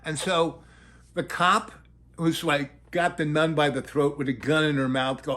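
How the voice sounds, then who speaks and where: Older male storyteller, slightly high voice, meandering, acts out quotes. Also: level tone, measured pace, sharp tone. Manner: loose, digressive, acts out quotes. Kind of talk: rambling anecdote telling.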